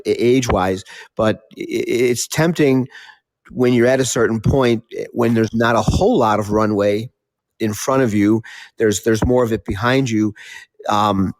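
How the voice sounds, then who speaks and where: An older man talking in a measured, thoughtful way about his life, often restarting his sentences. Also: on the low side, steady tone, no room sound. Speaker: talk show speaker. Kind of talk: reflective casual talk.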